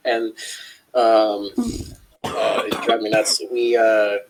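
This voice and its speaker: A man's voice: on the low side, flat delivery, extremely slow, low-quality recording. A man co-hosting a casual chat show, telling a long, profane story and acting out the people in it. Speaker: co-host.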